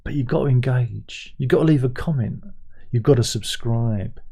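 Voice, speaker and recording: A man hosting a casual livestream, talking in a rambling, sardonic way. His voice is very dark and mellow, with a husky, slightly breathy edge. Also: mid-range voice, normal speed. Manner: rambling, sardonic, frequent restarts. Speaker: livestream host.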